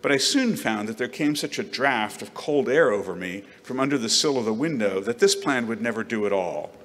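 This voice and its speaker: A man giving an expressive dramatic reading of a novel, recorded in a reverberant hall. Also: medium pitch, fairly quick. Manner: expressive, acts out the narrator's outbursts. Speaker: reader.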